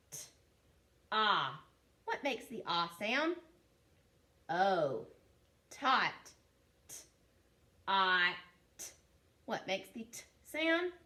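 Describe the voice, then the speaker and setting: Woman, kindergarten teacher, remote phonics lesson; very slow, bright tone, encouraging. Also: medium pitch. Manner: slow, drawn-out sounding out of words; patient, encouraging classroom voice.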